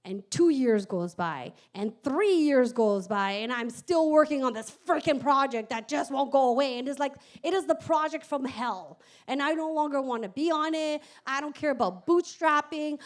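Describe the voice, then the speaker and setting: Woman, high voice, candid startup founder doing an animated, swear-laden live storytelling talk. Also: moderate pace, few pauses. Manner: animated, candid, swears and laughs while telling. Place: event stage before an audience.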